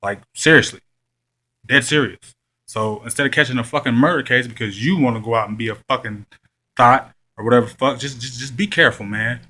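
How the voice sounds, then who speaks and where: A man's voice: mid-range voice, fairly quick, bright, forceful tone. A man telling a story to camera in a blunt, profane, slangy rant. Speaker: vlogger.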